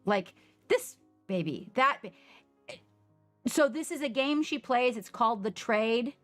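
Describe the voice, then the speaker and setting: A woman streamer chatting casually on a live stream from home, telling a story with lively quoted reactions. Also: on the high side, a little slow, no echo, faint music behind.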